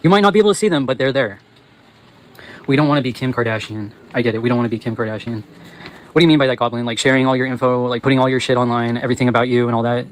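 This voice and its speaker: A man hosting his channel, ranting angrily with heavy swearing and breaking into yells, talking to viewers as he walks. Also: medium pitch, racing, slight background noise, poor audio. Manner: angry, profane, yelling at times; talks while walking. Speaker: channel host. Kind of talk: ranting livestream monologue.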